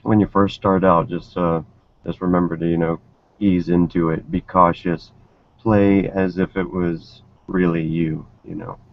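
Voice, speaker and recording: A man who designs games, speaking hesitantly and laid-back on a podcast panel with lots of pauses and fillers. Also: low-pitched, flat delivery. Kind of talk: casual panel discussion. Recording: dull lo-fi recording.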